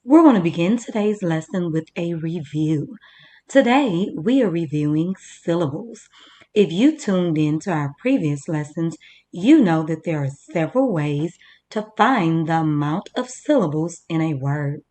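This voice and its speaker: Slow, careful woman teaching young children. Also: lowish voice, lively intonation, dark tone. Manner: slow, clearly sounding out words for children. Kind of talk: teaching a first-grade reading lesson.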